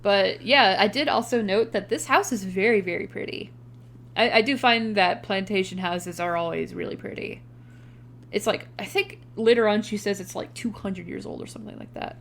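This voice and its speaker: A woman's voice: medium pitch, moderate pace, fairly bright tone, slight background noise. Chatty young woman recapping a movie. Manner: chatty, swears casually, laughs often. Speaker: podcast co-host. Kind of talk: casual chat recapping a movie.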